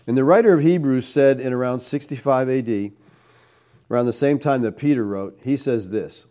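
A man's voice: medium pitch, normal speed, mellow, muffled recording. A man preaching a teaching sermon, emphatic, firing rhetorical questions and tagging points with "all right?".

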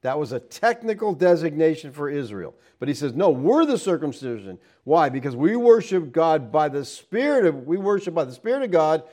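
A man's voice: on the high side, big pitch swings, moderate pace, few pauses, warm tone. A man giving a verse-by-verse Bible teaching, explaining with rhetorical questions and stressing key points.

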